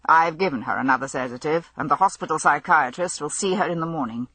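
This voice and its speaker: A woman's voice: deep voice, fast, fairly bright tone, husky, dry recording, poor audio. A woman voicing a firm hospital doctor who disapproves of the police. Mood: stern.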